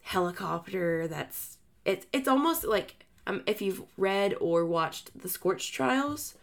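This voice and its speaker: A woman's voice: medium pitch, animated, takes it slowly, vocal fry. A woman co-hosting a book podcast, talking in a casual, chatty way full of fillers and restarts.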